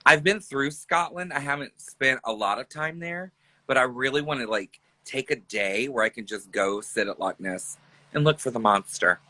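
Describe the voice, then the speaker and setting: A man's voice: medium pitch, normal speed, pushed and bright, no echo, poor audio. A man in his thirties, a drag performer chatting casually on a livestream, joking and laughing often. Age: 30s.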